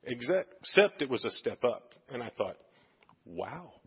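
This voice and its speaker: A man's voice: mid-range voice, a little slow, breathy edge. A man preaching, telling a personal story with lots of fillers and quoted dialogue, at times tearful. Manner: animated anecdotal, many fillers. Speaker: preacher sharing a testimony. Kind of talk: sermon storytelling. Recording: dull sound in a reverberant hall.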